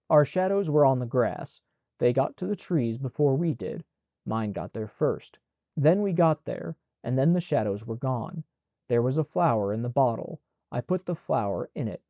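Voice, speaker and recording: A man reading an audiobook in a measured, plain narration on a close mic. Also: medium pitch, animated, mellow, dry recording.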